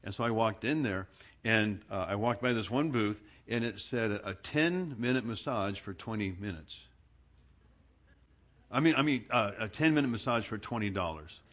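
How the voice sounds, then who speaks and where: A middle-aged male pastor from Southern California, preaching a sermon in an animated storytelling manner, laughing as he tells it. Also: on the low side, unhurried. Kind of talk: sermon with personal anecdote.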